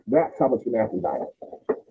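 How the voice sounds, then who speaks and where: This husky, mid-range voice belongs to a podcast host in his sixties who talks fairly quickly. Chatting casually, he tells family stories with animation and performs his relatives' voices, all on tinny, phone-like audio.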